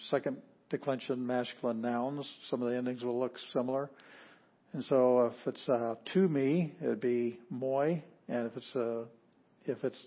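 A man with a twang gives a casual classroom lecture, chatty and self-correcting, with joking asides. His voice sits in a middle range. The recording is dull and lo-fi. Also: mid-range voice. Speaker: Greek teacher.

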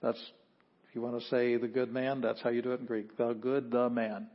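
A man teaching a language class, explaining patiently with frequent pauses and fillers. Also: mid-range voice, little pitch movement, highs cut off. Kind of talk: classroom lecture.

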